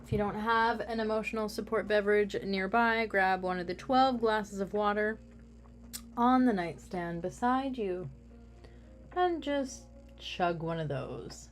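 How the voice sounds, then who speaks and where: A woman's voice: medium pitch, a little slow, soft background music. A woman craft vlogger chatting casually while she works, rambling with self-mocking humor.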